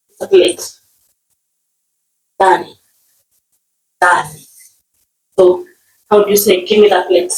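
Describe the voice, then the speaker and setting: Lively, gravelly Kenyan woman teaching. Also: a little high. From Nyeri, Kenya. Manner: repeats words, often asks "okay?". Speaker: language teacher. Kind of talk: casual vocabulary lesson. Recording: roomy, distant mic.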